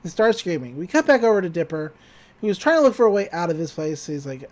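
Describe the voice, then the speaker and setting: Lively, animated podcast co-host. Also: male voice, sits high, fast. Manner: animated retelling, quotes characters in put-on voices, laughs often. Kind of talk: casual recap chat.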